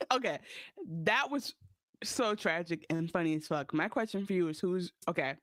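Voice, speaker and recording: A woman co-hosting a podcast, chatting casually and acting out quotes with lively, profane energy. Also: on the low side, a little slow, no echo. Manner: animated, profane, acts out quotes. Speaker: podcast co-host. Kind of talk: casual recap chat.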